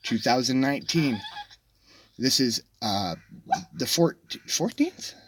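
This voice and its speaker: A man's voice: mid-range voice, animated, slow, a little hiss or hum. A man livestreaming from inside a vehicle, telling a story in a rambling, shaky way, full of restarts and self-corrections. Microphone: dashboard camera.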